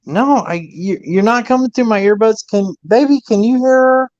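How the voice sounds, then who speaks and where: A man co-hosting a livestream in casual chat, flustered and swearing, with halting restarts. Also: high-pitched, a little mellow, no room sound, highs cut off. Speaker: livestream co-host.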